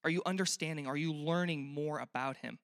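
A man's voice: on the high side, brisk, a bit bright, no room sound, studio quality. A young man preaching a sermon in a church, earnest and conversational, often asking the listeners questions. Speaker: pastor.

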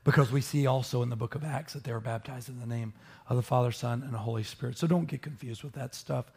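A man preaching a sermon, teaching with animated emphasis and joking with his listeners. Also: mid-range voice, fast, creaky, husky. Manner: animated, rises sharply for emphasis, jokes with listeners. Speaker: pastor.

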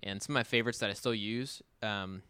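A man with a bright, crisp voice talks through family stories in a relaxed, casual way. He loses and restarts his thread with easy fillers. The recording is close and dry. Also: lowish voice, brisk, no echo. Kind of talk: casual chat.

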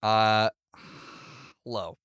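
A man playing a tabletop role-playing game, talking in a playful, animated way and laughing often. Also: on the low side, extremely slow, clean tone, no echo, studio quality. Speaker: player. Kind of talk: casual tabletop game play.

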